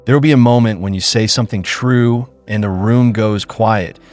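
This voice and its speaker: Man, lowish voice, scripted sermon, solemn declarative cadence, faint music behind. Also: fairly even intonation, moderate pace. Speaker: preacher. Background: soft music.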